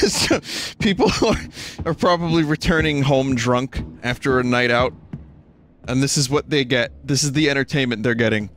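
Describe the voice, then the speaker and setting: A man's voice: medium pitch, sing-song, moderate pace, fairly bright tone, a little hiss or hum. A man streaming a horror game, giving casual commentary in a joking, self-mocking, rambling way. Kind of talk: casual let's-play commentary.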